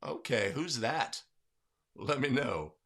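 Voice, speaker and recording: Upbeat bright-voiced man hosting a livestream. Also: medium pitch, big pitch swings, takes it slowly. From California. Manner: upbeat, greets chat viewers by name. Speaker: livestream host. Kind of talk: casual livestream chat.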